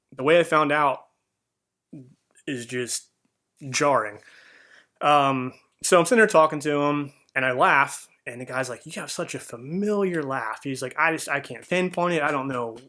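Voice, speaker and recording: A man's voice: fairly high pitch, moderate pace, pushed and bright. A man hosting a podcast, telling an earnest personal story in a casual monologue, with many fillers. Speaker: podcast host.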